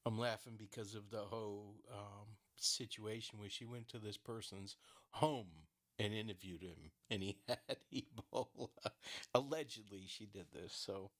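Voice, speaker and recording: A man's voice: on the low side, normal speed, fairly bright tone. A man talking through a true-crime case in casual solo commentary, rambling with many fillers and restarts, laughing often and swearing bluntly.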